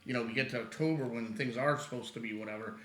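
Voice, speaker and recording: A man's voice: mid-range voice, quick pace, reverberant, background noise. A man talking loosely as a podcast guest, rambling and laughing often. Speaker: guest film producer. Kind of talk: casual podcast chat.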